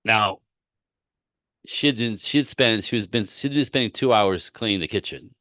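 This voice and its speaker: A man working as a relationship coach, giving advice in a live-stream Q&A with animated, rambling storytelling and frequent laughs. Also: lowish voice, normal speed, no room sound, studio quality.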